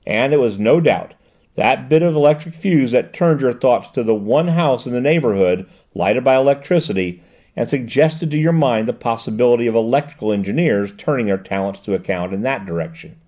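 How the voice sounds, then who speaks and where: A man reading the lines of a jovial older detective agency chief in an audiobook, brisk and hearty in his questions. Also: mid-range voice, lively intonation, darkish tone, natural voice. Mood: questioning.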